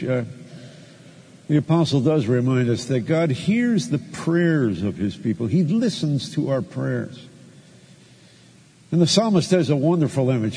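A man's voice: on the high side, warm tone, slightly rough, big-room sound. A man preaching a sermon in church, telling a personal story and then leading a closing prayer. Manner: storytelling, acts out his own raised voice in quoted arguments.

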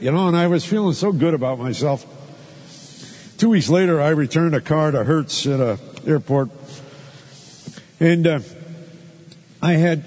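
A man's voice: fairly high pitch, darkish tone, husky, big-room sound. A man preaching a sermon in church, telling a personal story and then leading a closing prayer. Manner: storytelling, acts out his own raised voice in quoted arguments.

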